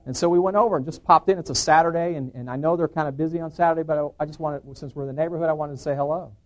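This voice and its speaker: A middle-aged man with a slightly high voice tells his personal testimony to an audience. He talks like an earnest storyteller and acts out the voices of the people in his story. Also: steady tone, rapid-fire, dull audio. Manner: earnest storyteller who acts out the dialogue he quotes. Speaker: preacher giving a personal testimony.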